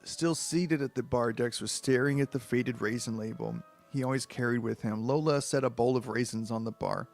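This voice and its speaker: Man reading a kids' book aloud, stuffy head cold, crude rambling asides, mid-pitched voice, faint music. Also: normal speed, few pauses, a little mellow. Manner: crude, bewildered, self-mocking asides. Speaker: book reader.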